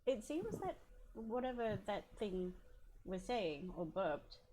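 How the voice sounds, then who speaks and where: A woman's voice: medium pitch, sing-song, slow pace, mellow, slight background noise. A woman playing in an online tabletop game, asking puzzled questions in character. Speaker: player. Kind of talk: casual tabletop game play.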